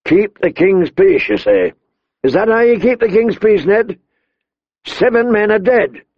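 A gruff, hard-drinking king who barks his orders, voiced higher than the reader's own tone, as a man puts him on. The voice carries a gravelly edge. It comes through a dull, dry lo-fi recording. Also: expressive, unhurried, dry recording, heavily acted. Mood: blustering. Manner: blustering, barking commands. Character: gruff, hard-drinking middle-aged king, quick to roar.

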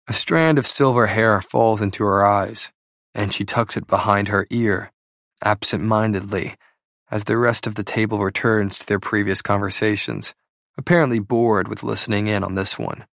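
A man reading first-person fiction aloud as an audiobook narrator, slow and deliberate. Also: fairly low pitch, fairly even intonation, gravelly, fairly bright tone, no echo, studio quality.

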